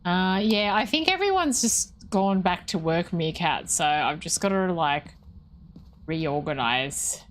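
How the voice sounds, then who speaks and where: A woman's voice: fairly low pitch, expressive, slow. A woman streaming a ghost-hunting game, thinking aloud and questioning the ghost. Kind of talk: live gameplay commentary.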